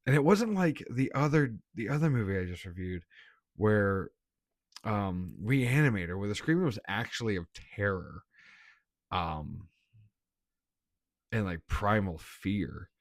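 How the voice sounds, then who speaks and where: A man's voice: fairly low pitch, lively intonation, measured pace, pauses often, dry recording, studio quality. A man giving a casual, blunt movie review, laughing often and swearing.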